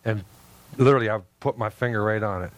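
A man's voice: lowish voice, quick pace, no room sound. A middle-aged man, a pastor, preaching a sermon to his church, telling a personal story in a folksy way with laughs and asides.

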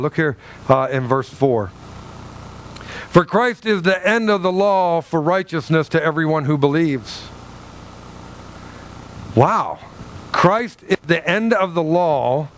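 A male pastor preaching a sermon in an animated way, acting out little dialogues with God. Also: on the high side, a little hiss or hum.

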